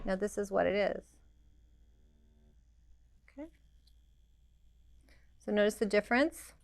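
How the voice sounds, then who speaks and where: A woman's voice: medium pitch, takes it slowly, gravelly, no room sound. A woman teaching a hands-on permanent makeup lesson, practical and direct, imitating the machine's rhythm with little sounds. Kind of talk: hands-on demonstration.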